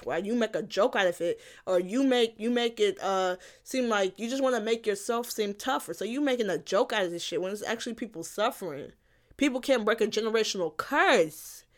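A young woman hosting a solo podcast, ranting bluntly with profanity, repeating her points and laughing at herself. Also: mid-range voice. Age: young adult. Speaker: podcast host. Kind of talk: casual solo podcast rant.

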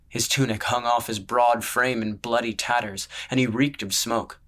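A man narrating a story in a steady, measured audiobook reading. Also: medium pitch.

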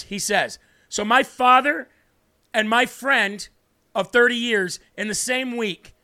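A man's voice: high-pitched, bright, forceful tone. A man hosting a Christian talk show, speaking to viewers with emphatic, preachy conviction and answering their comments. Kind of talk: impassioned faith talk to viewers.

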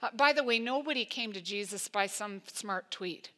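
A woman pastor preaching a sermon in an emphatic, conversational way, full of "like" and quick asides. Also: medium pitch, bright, forceful tone.

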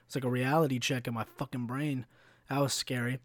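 On his podcast, a twenty-something man spins a casual, rambling yarn full of swearing and filler words. His medium-pitched voice stays level and brisk, with no echo in the sound.

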